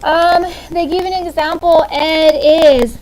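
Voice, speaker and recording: A woman's voice: very high-pitched, steady tone, slow pace, a little mellow, slight background noise, low-quality recording. A woman in her thirties teaching a classroom grammar lesson, upbeat and often checking in with "okay?". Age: 30s.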